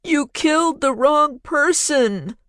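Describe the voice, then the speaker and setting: A frightened man whose desperate cry rings out high and shrill in an audiobook. The voice lands far above the reader's own. It comes across dry and close. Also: lively intonation, slow, fairly bright tone, no echo, heavily acted. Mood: panicked. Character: frightened man's remembered cry, echoing.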